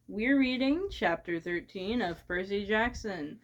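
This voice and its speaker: A woman's voice: on the low side, measured pace, few pauses. A woman hosting her channel, chatting and giggling before reading a novel aloud, stumbling and restarting words as she goes. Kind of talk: casual read-aloud with chat.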